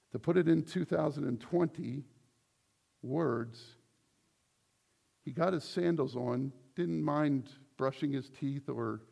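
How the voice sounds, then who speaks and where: A male pastor preaching a sermon, animated, acting out quoted voices as he teaches. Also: mid-range voice, creaky.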